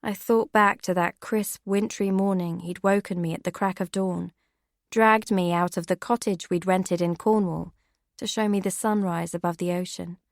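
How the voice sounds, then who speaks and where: A woman giving steady, measured first-person audiobook narration. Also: lowish voice, creaky, dry recording, clean studio sound.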